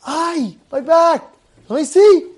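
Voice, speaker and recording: A man's voice: very high voice, slow pace, pitched above the performer's own voice. A man voicing a beaten, tearful worker in a parable, speaking plaintively with groans.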